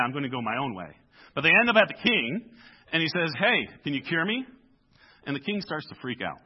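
A male pastor delivers a casual, conversational sermon in a church, acting out the people in the story with everyday voices. His pitch sits in a middle range, and the recording sounds dull and lo-fi. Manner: animated, acts out the story characters in casual voices.

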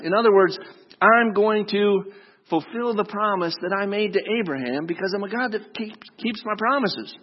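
A male pastor with a high voice preaches at normal speed in a casual, joking way, addressing his listeners directly. The recording is dull and lo-fi, with a long hall reverb.

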